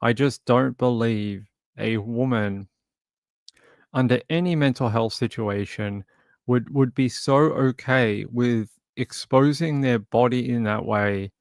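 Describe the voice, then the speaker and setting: A man hosts a casual live stream, talking in a loose, halting ramble and stopping to greet viewers by name. His voice sits in an ordinary middle pitch for a man. The sound is close and dry, with no room in it. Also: dry recording.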